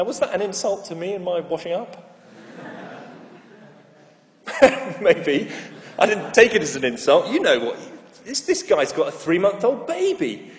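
A middle-aged man preaching a sermon, telling stories and stressing key phrases with slow repetition. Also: high voice. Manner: storytelling, emphatic with slow repeated phrases. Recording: echoey hall reverb.

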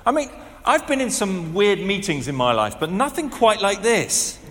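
A man in his fifties preaching a sermon, conversational and animated, with asides and rhetorical questions. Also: sits high, normal speed. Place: large church hall. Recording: echoey hall with long reverb.

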